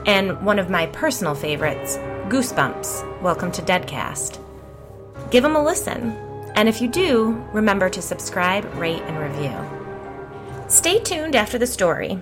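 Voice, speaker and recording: A woman's voice: medium pitch, sing-song, normal speed, music in the background. A woman hosting a podcast and narrating a ghost story in a wry first-person voice, acting out the dialogue.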